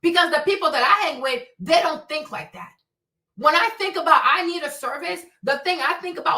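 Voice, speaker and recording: A woman with a high, sharp voice delivers a fierce, profane livestream rant. She hammers her points with heavy emphasis. The sound is roomy and echoey, as if the mic sits some way off. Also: lively intonation, fairly quick. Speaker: livestream host. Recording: echoey room, distant mic.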